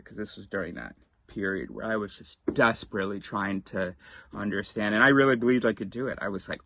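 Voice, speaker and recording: A man vlogging, telling a story in a rambling, casual way with quick asides and restarts. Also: fairly low pitch, fairly bright tone, no echo.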